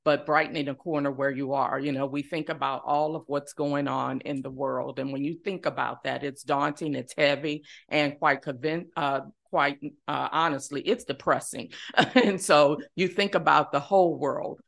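A woman's voice: low voice, steady tone, normal speed, gravelly. A middle-aged woman from New Orleans, a nonprofit chief executive, giving earnest interview answers in repeated, rhythmic phrases. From New Orleans, United States. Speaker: nonprofit CEO, podcast guest.

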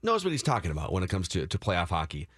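A man's voice: low-pitched, wildly swooping pitch, fast, a bit bright, no room sound. A male sports radio host talking in an upbeat, chatty way.

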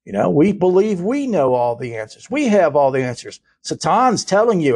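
A man's voice: fairly high pitch, sing-song, moderate pace, hardly any pauses, a little mellow, breathy edge, dry recording. A man hosting a spiritual podcast, talking in an earnest, preaching way with repeated phrases. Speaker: podcast host.

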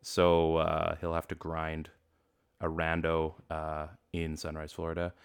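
A man co-hosting a casual sports talk show, animated and jokey, laughing often. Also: very deep voice, unhurried, clear, resonant tone. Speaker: podcast co-host.

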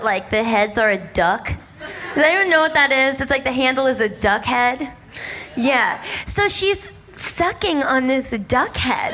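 A young woman doing stand-up, telling a story in an animated, rapid way with lots of "like" and exaggerated character voices. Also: high-pitched, slight background noise. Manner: rapid, breathless asides with lots of "like". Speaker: stand-up comedian.

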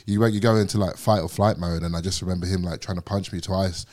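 A man's voice: sits low, steady tone, quick pace, darkish tone. A young man from England, a podcast guest, telling a story in casual chat, swearing a lot and acting out quotes.

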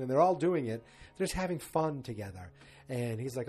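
A man talks through a TV episode in a loose, wandering way and cracks small jokes as he goes. His voice is husky and sits at a middle pitch. Faint music plays underneath. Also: a little fast, dark tone. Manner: loose, rambling, joking asides. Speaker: TV episode recapper. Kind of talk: casual spoken recap.

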